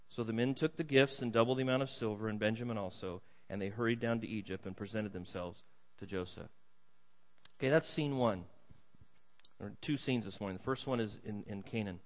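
An older man preaching a sermon, reading scripture dramatically and dropping to soft, chatty asides. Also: on the low side, fast talker. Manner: lively, swings between loud dramatic reading and soft asides. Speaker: pastor. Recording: dull sound in a big reverberant hall.

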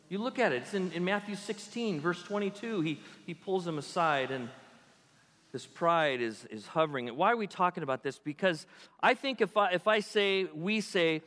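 A pastor giving an animated sermon, often acting out the people he quotes. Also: on the high side, long reverb tail. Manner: animated, acts out quoted voices in character.

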